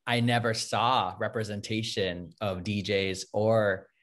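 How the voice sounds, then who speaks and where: A man's voice: on the low side, little pitch movement, a little slow, fairly bright tone. A man from California who danced in the film, speaking earnestly and reflectively on a video call. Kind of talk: casual panel talk.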